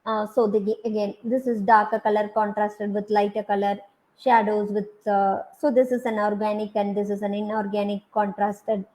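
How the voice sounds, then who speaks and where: A woman's voice: medium pitch, flat delivery, moderate pace, dark tone, rough recording. A woman with an Indian English accent giving a university design lecture, talking through slide examples with many hesitant fillers.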